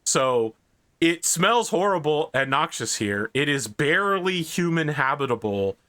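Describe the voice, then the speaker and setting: A man's voice: a little high, big pitch swings, a little slow, bright, forceful tone, dry recording. A man narrating a tabletop role-playing game as game master, casual and vivid, with many "like"s.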